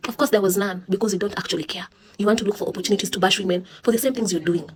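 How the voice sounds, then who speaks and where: Mixing Swahili and English, a Kenyan-accented woman offers sarcastic, indignant social commentary in a monologue. She speaks very fast in a medium pitch with a breathy edge.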